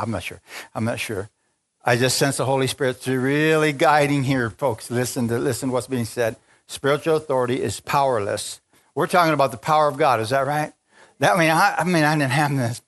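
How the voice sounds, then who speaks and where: A fervent male preacher addressing a packed church, reading scripture aloud and pressing the crowd with questions. His pitch sits in the middle for a man and he swings between quiet asides and high, excited calls. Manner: fervent, rising to exclamations and calls to the congregation. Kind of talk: spontaneous sermon. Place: large church with a congregation.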